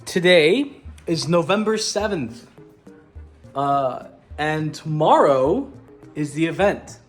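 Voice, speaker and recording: Excitable young man rambling a vlog update. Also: a little high, slow pace, faint music behind. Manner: excited, rambling, many fillers and restarts. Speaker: vlogger planning a party. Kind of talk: casual video diary update.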